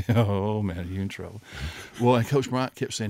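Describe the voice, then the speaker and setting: An older man with a low voice tells coaching stories in a relaxed chat, playing out the other voices as he goes. The sound is dry and close to the mic. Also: measured pace, no echo. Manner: animated anecdote-telling, acting out quoted voices. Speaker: guest, former football assistant coach. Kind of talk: casual storytelling.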